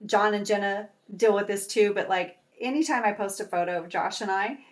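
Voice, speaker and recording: A middle-aged woman and actress chatting as an interview guest, telling stories in a bubbly, animated way. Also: medium pitch, fairly quick. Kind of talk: casual interview chat.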